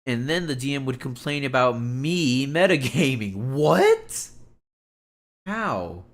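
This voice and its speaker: A man's voice: mid-range voice, animated, slow. A man chatting casually on a live stream, rambling and exasperated, with lots of "like" fillers as he tells stories and reacts.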